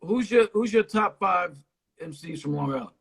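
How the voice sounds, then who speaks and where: A man's voice: sits high, expressive, normal speed, creaky, a bit bright, breathy edge. A man from Connecticut hosting a podcast, talking in laid-back, slangy banter during a casual interview chat. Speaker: podcast host.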